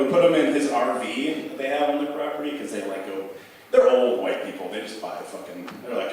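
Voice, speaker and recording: Filler-laden and profane, a young comic's rambling open-mic story at a bar comes across in a low-ish, slightly mellow voice that's expressive and fairly quick. The echoey bar room is heard from far off, with a little hiss or hum.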